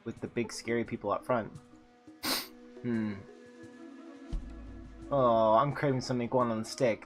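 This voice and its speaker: A man's voice: mid-range voice, fairly even intonation, measured pace, long pauses. A man hosting a gameplay video, chatting casually and cracking jokes while reading game text aloud. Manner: chatty, jokey asides, reads game dialogue aloud. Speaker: gaming channel host. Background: faint game music.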